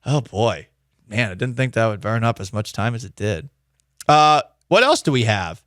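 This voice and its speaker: A man's voice: fairly low pitch, expressive, normal speed, a bit bright, no echo, clean studio sound. A man hosting a sports talk show, telling rambling, self-mocking stories in casual chat. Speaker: sports podcast host.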